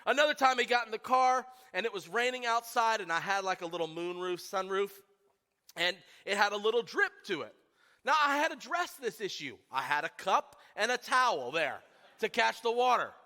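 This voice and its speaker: A male pastor jokes at his own expense during a sermon, his voice high and bright and swinging widely in pitch. The sound rings with the long reverb of a church sanctuary. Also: normal speed. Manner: self-deprecating, animated. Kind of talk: humorous sermon storytelling.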